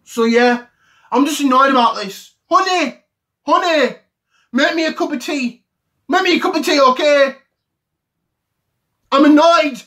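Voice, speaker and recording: Man as English footie fanboy, mid-30s, high-pitched, indignant repetitive rant. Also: a little slow, pauses often, a bit bright. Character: ranting English football fan, man in mid-thirties, easily offended. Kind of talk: comedy sketch rant to camera.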